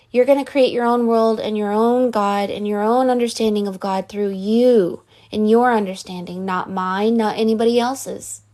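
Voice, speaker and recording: Woman, psychic reader, live reading, earnest, rambling, fillers, fairly high voice. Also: darkish tone.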